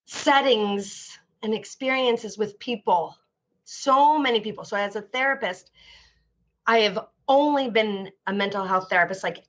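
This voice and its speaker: A woman therapist, a guest in a candid interview, talks openly and at length, rambling with lots of fillers and restarts in a heartfelt way. Her voice is medium in pitch with a fairly bright tone, and the recording sounds dull and lo-fi.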